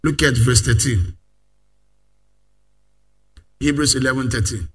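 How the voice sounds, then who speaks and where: A man preaching a sermon, leading the congregation in call-and-response and rising to loud declarations. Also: mid-range voice, animated, unhurried, pauses often, slightly rough.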